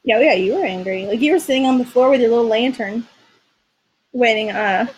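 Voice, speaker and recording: A woman's voice: on the high side, fairly quick, slight background noise, poor audio. A young woman co-hosting a casual chat, talking in a chatty way and often trailing off and restarting her sentences. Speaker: podcast co-host.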